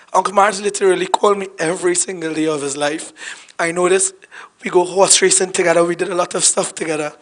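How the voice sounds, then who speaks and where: A hoarse man with a Trinidadian accent giving a heartfelt, rambling, unprepared eulogy for a family elder at a home funeral. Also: sits high, fairly bright tone. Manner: heartfelt, rambling, repeats himself.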